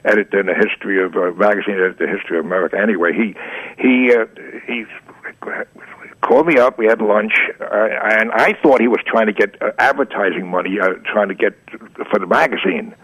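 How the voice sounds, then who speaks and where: A man's voice: fairly low pitch, brisk, fairly bright tone, husky. A man in his eighties, a guest on a radio interview, telling stories and acting out old conversations. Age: 80s. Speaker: guest, advertising art director. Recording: lo-fi radio recording.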